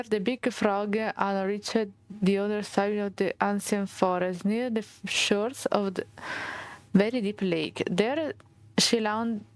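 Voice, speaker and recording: Slow-reading Italian woman streamer. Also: medium pitch, no room sound. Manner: halting reading with restarts and Italian asides. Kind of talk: reading game text aloud.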